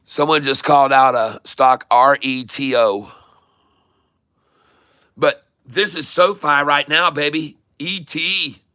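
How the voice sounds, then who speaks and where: Playful male stream host; unhurried delivery, bright tone. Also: mid-range voice, clear, resonant tone, dry recording, studio quality. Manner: playful, jokey hype with kiss sounds and joke French and Spanish; chart-pointing teacher, addresses viewers as folks. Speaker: stock-trading stream host. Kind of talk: live trading stream commentary.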